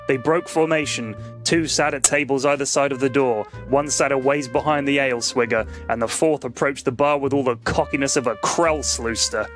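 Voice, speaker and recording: A man on a podcast reading a comedic sci-fi story aloud to co-hosts, in a mostly deadpan delivery. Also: medium pitch, normal speed, hardly any pauses, soft background music.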